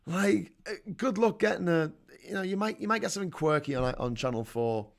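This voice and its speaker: Ranting Scouse man with a gravelly voice. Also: sits high, fairly quick. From Liverpool, England. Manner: blunt and opinionated, swears, rants with rising heat. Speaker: host of a live call-in chat show. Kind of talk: live-stream commentary reading viewer comments.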